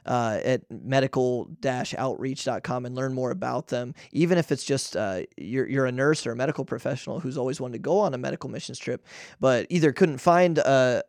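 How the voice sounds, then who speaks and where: A man's voice: mid-range voice, darkish tone, dry recording, clean studio sound. A man hosting a podcast, enthusiastic as he wraps up the interview. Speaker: podcast host. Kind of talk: casual podcast talk.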